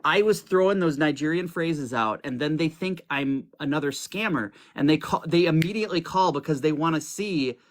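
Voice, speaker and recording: A man talking as a guest on a live stream, halting and casual, restarting his sentences. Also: a little high. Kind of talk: casual chat.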